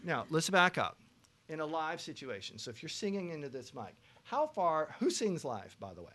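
A man teaching a pop vocal production masterclass to students, lively, breaking into loud sung examples. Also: fairly high pitch, moderate pace. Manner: animated, belts out sung examples.

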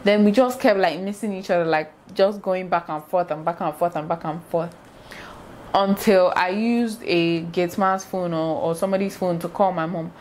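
A young woman, telling a casual storytime vlog in an animated way and acting out sounds. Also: on the low side, normal speed, a little hiss or hum. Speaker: vlogger.

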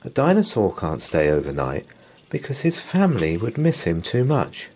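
A man's voice: low-pitched, very animated, normal speed, darkish tone, slightly rough, full character voice. A man reading a storybook aloud and voicing a small, anxious young male dinosaur who frets and pleads. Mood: firm. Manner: fretful, worried pleading.

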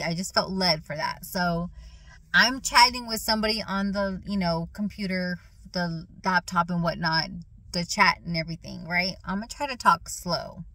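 Bright, excited woman giving testimony. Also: lowish voice, dry recording, low-quality recording. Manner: excited and animated, repeats phrases for emphasis; chewing gum while talking. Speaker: vlogger sharing a faith testimony. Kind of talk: casual faith testimony vlog.

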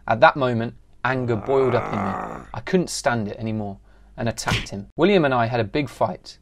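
A man reads a first-person animated story aloud in a steady, plain way. His voice sits at an ordinary middle pitch for a man. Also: normal speed, creaky. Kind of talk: scripted narration.

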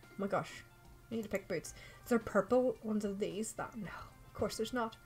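A young Irish woman chatting casually through a game livestream, excitable and talking to her viewers and the game characters. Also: mid-range voice, moderate pace, husky, faint music behind. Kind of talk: casual let's play commentary.

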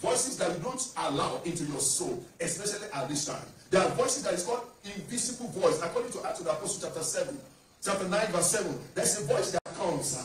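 High-voiced preacher in an echoing church. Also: male voice, lively intonation, fast talker, soft background music. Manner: declamatory preaching with call-and-response. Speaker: pastor. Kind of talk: sermon. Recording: echoey church hall from far off.

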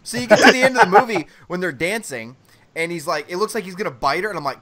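A man co-hosting a casual online chat, telling a long story in an animated, profane way and acting out what people said. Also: high-pitched, fast talker. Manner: animated, profane, acts out quotes. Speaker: podcast co-host.

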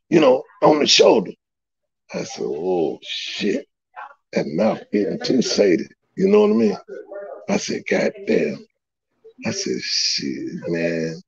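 A man telling a story in casual talk, animated, swearing, often laughing and acting out what people said. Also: fairly high pitch, vocal fry, slightly rough. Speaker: storyteller guest. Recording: dull lo-fi recording.

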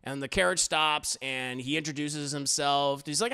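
A man recapping a TV episode in a profane, excitable way. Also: fairly high pitch, moderate pace, few pauses, smooth. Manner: profane, excitable, laughs often. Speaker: TV reviewer.

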